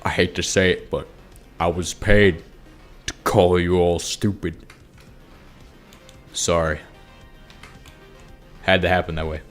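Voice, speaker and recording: A man's voice: deep voice, steady tone, slow, pauses often, soft background music. A sleep-deprived man rambling goofily and mocking himself while commenting on a game. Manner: goofy, rambling, self-mocking. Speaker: Minecraft gaming YouTuber. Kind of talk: rambling casual commentary over gameplay.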